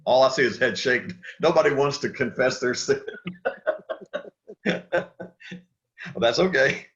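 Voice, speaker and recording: A man's voice: mid-range voice, animated, unhurried, a bit bright, lo-fi sound. A man teaching a church Sunday school class, talking casually with restarts and questions to the group. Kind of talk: Bible study lesson.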